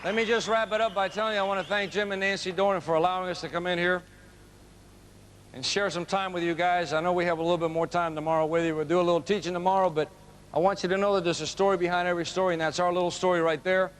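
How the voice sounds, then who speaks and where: A man giving a motivational storytelling speech to a live audience, animated and emphatic. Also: high-pitched, fast, slight background noise. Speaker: motivational speaker.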